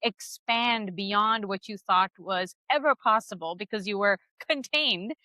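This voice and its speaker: A woman with a mid-range voice and a bright, forceful tone hosts a podcast interview, speaking a little slowly. She's earnest and effusive, often restarting sentences and bursting into laughter, and the sound is close and dry.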